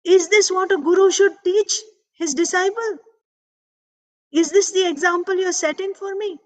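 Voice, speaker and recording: A woman's voice: fairly even intonation, a bit bright. Woman putting on a furious little boy. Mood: angry, indignant. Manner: shrill, accusing rapid questions. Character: indignant little five-year-old boy scolding his father.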